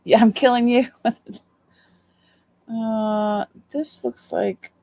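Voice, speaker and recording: A woman's voice: on the high side, steady tone, very slow, warm tone. A sleepy woman chatting casually on a live stream as she shows off jewelry, rambling and trailing off with fillers. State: sleepy, yawning.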